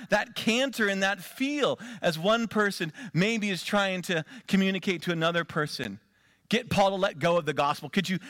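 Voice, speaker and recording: A man preaching a sermon as pastor, animated and rhythmic, building up emphasis as he speaks. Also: high-pitched, no room sound, clean studio sound.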